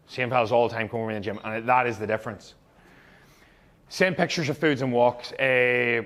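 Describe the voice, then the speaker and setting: A man's voice: medium pitch, a bit bright. A young man, a fitness coach, giving blunt, heavily profane, emphatic advice to fellow coaches.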